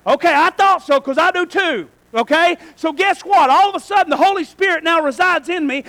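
A male pastor preaching a sermon in a church, swinging between shouted lines and quiet asides. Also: very high voice, a little fast, few pauses, rough recording.

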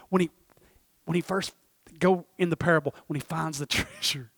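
A middle-aged man preaching a sermon, rambling and breaking off mid-thought, his voice swinging from hushed asides to shouts. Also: a little high, measured pace, gravelly, long pauses, breathy edge, dry recording, clean studio sound.

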